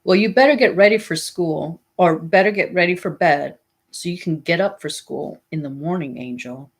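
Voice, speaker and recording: A woman reading as an upset, low-voiced mother. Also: normal speed, natural voice. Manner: plain, tired and upset. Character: worried struggling mother, adult woman.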